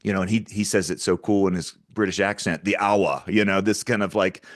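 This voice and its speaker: A man's voice: low voice, flat delivery, brisk, no room sound, studio quality. A man speaking as a guest in a conversational interview, earnest and talking through frequent stammered restarts.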